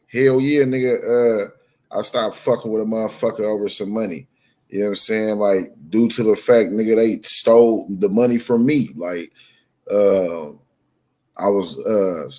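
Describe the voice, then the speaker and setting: A man telling a story in casual chat, profane and animated, acting out both sides of the dialogue. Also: on the low side.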